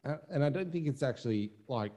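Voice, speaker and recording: A man's voice: mid-range voice, expressive, brisk, mellow. A young adult man co-hosting a podcast, speaking candidly and thinking aloud, with lots of "like" and some mild swearing. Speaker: podcast co-host, musician. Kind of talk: casual chat.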